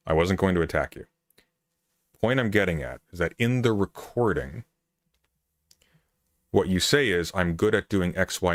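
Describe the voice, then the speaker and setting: Brief: very low male voice, dry sound, measured, firm delivery. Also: dry recording. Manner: calm, measured, firm and lecturing. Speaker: interviewer.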